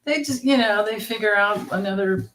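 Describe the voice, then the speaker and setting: A woman's voice: mid-range voice, a little fast, a bit bright, a little hiss or hum. A woman doing a tarot reading livestream, chatting casually, laughing often, and reading out viewers' comments. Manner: giggly, reads out chat comments. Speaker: tarot reader.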